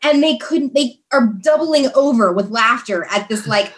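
A woman, a guest in a conversation, tells a story in a lively, chatty manner with many fillers. Her voice sits a little higher than most. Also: normal speed. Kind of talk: casual storytelling.

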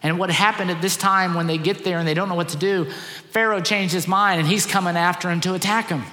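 A man's voice: high voice, steady tone, quick pace, bright, forceful tone. Emphatic male pastor in echoing hall. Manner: earnest, emphatic preaching with repeated phrases. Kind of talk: sermon.

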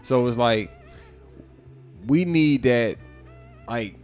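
Man co-host, mid-pitched, rambling casual talker who restarts sentences and heats up. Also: extremely slow, faint music behind. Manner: rambling, many restarts, grows animated. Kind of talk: casual discussion.

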